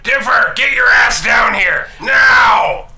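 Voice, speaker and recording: A man voicing a gruff old great-uncle shouting up the stairs. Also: very high voice, expressive, slow pace, echoey room, some chatter behind, pitched above the performer's own voice, heavily acted. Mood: impatient.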